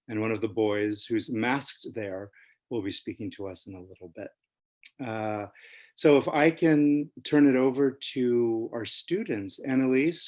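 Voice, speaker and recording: A man who teaches French, presenting at an online school webinar over a video call in a measured way with frequent "uh" pauses. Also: lowish voice, a little mellow.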